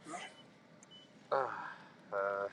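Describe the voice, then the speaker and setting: A man's voice: lowish voice, steady tone, extremely slow, fairly bright tone, a little hiss or hum, poor audio. A man chatting casually on a walking vlog, rambling and restarting his sentences, filming on a handheld phone outdoors and then inside a coffee shop. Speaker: vlogger.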